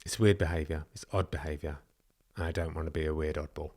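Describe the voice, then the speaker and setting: A man's voice: extremely low pitch, steady tone, fairly quick, darkish tone. A British man talking candidly in a personal vlog, confessional and a little nervous, often asking himself questions aloud. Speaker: vlogger.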